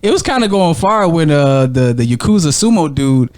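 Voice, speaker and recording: A man co-hosting a podcast, chatting casually and telling animated, profanity-laced stories with frequent laughter. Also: fairly high pitch, moderate pace. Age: adult with a young daughter. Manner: animated storytelling, heavy profanity, laughs often. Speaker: podcast co-host. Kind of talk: casual chat.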